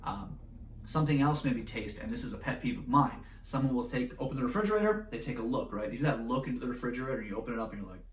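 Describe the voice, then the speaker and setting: Animated male teacher, roomy echo. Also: mid-range voice, fast talker, slight background noise. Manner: animated, acts out scenarios with voices, keeps asking "right?". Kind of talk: classroom lecture. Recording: roomy echo, mic at a distance.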